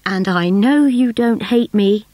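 A woman's voice: medium pitch, measured pace, warm tone, dry recording, lightly acted. Breezy, jovial dad heading off for work, read by a woman; dry and close. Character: cheerful father leaving on a work trip.

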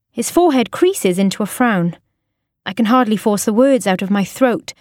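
A woman narrating a first-person story in a soft, emotional way. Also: mid-range voice, normal speed, no room sound, clean studio sound.

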